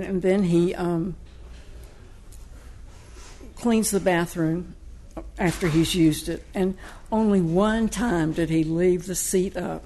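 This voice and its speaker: A woman novelist in a conversational interview, retelling her story's plot in a lively, storytelling way. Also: on the low side, slow, a little hiss or hum. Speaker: novelist discussing her book. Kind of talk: conversational book discussion.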